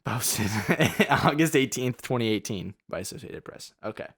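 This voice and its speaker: A man's voice: medium pitch, lively intonation, normal speed, a bit bright, slightly rough, dry recording, clean studio sound. A young man co-hosting a casual podcast, teasing his friend and laughing as he talks. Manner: jokey, teasing, laughs while talking. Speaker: podcast co-host. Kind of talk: casual chat.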